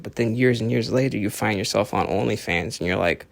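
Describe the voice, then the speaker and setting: Gravelly, profane man rambling on a podcast. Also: fairly low pitch, brisk, few pauses, dry recording. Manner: rambling, profane, acts out quoted voices. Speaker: podcast host. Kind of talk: casual solo podcast monologue.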